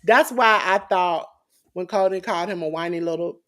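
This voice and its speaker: A woman co-hosting a wrestling podcast in casual chat, animated and acting out quotes in different voices. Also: lowish voice, normal speed. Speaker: podcast co-host.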